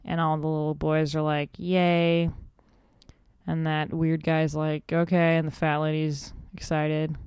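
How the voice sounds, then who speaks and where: A woman's voice: deep voice, monotone, moderate pace, few pauses, a little mellow, clean tone, dry recording. A woman guest-hosting a podcast, giving a flippant, rambling comic recap of a cartoon episode, full of "like".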